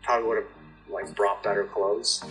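A man's voice: fairly low pitch, fairly even intonation, moderate pace, a bit bright, soft background music, rough recording. A man answering interview questions in a casual, rambling way, laughing between stories. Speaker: reality show guest.

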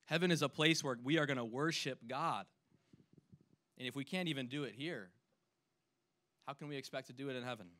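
A man preaching a sermon as a youth pastor, earnest, dropping to a hush and then rising to loud emphasis. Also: mid-range voice, fairly quick, pauses often. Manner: earnest, swings between hushed and loud emphasis; acts out imagined voices when quoting.

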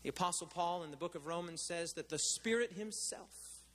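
A man's voice: high voice, normal speed, fairly bright tone, in a large hall. A male pastor preaching a sermon in a conversational way, asking his listeners questions and coming back to them.

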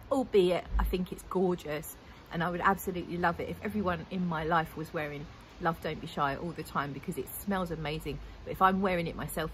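A woman's voice: lowish voice, slight background noise, rough recording. A woman, chatting casually and enthusiastically as a fragrance vlogger, rambling a little as she goes. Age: 40s. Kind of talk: casual chat.

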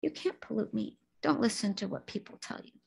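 A woman voicing a gentle young male hermit who speaks in a quiet, reassuring way while reading a story aloud. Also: mid-range voice, animated, a little fast, gravelly, husky, exaggerated voice. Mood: kind, reassuring. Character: gentle serene young man, a wandering hermit.

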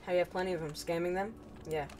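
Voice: medium pitch, fairly even intonation, fast, over a noisy crowd. A gamer in casual chat, sarcastic and mocking toward another player.

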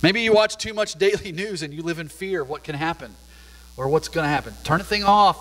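A man's voice: a little high, fairly quick, a bit bright. A middle-aged man, a pastor, preaching a sermon in a laid-back, conversational storytelling way in a church. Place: church sanctuary. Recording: long hall reverb.

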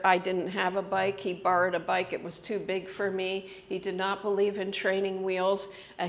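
A middle-aged woman speaking at a conference in an animated, story-driven way, her voice sitting at an ordinary pitch for a woman. She moves between personal anecdotes and explaining ideas, often laughing along the way. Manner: animated storytelling with laughs and loud acted quotes. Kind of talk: storytelling lecture.

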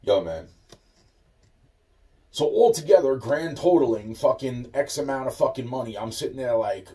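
A man's voice: medium pitch, expressive, moderate pace, pauses often, warm tone. A man ranting about his troubles in a loose, profane way, full of fillers and restarts. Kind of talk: rambling personal rant. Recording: voice a bit far from the mic.

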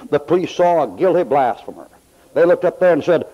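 Older preacher on lo-fi tape. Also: male voice, fairly high pitch, animated, normal speed. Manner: folksy storytelling with preacher emphasis. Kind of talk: sermon. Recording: dull lo-fi old tape.

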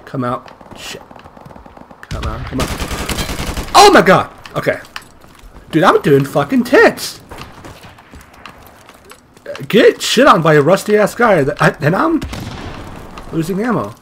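A young man talks through a shooter match in loose, foul-mouthed commentary, his voice bright and swinging wildly up and down. He yelps, curses and laughs his way through every round. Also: sits high, takes it slowly, long pauses, a little hiss or hum. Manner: excitable, profane, yelps and laughs. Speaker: gamer. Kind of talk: casual gameplay commentary.

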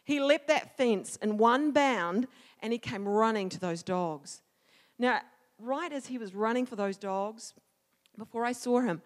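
A woman telling a personal story in a sermon, animated, acting out the shouts and quoted words of the people in it. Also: a little high, unhurried. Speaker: church speaker. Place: church sanctuary. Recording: long hall reverb.

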